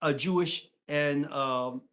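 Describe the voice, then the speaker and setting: A man's voice: fairly high pitch, slow, sharp tone. A man from Brooklyn, co-hosting a casual live stream, blunt and profane, acting out what other people say. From Brooklyn, New York. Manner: blunt and profane, acts out quoted voices. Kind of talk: casual political chat. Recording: dull lo-fi stream audio.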